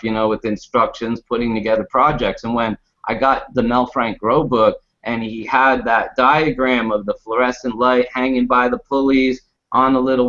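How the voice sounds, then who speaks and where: A man on a discussion panel telling a funny personal story in a casual, animated way with lots of laughing, on a muffled recording. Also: mid-range voice. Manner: animated, laughing anecdote with acted quotes. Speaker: panel guest.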